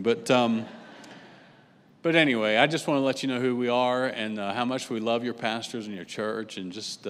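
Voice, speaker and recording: A man's voice: fairly low pitch, in a large hall. A man in his late forties, originally from Britain, giving a chatty, self-deprecating introduction as a guest pastor before his sermon. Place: church sanctuary.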